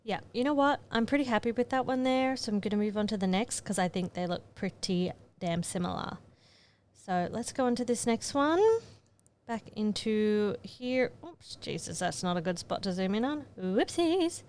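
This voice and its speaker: A woman's voice: mid-range voice, normal speed, smooth. Chatty woman talking through photo edits. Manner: chatty, muttering to herself while working. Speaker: photographer giving an editing tutorial. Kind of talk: casual thinking-aloud tutorial narration.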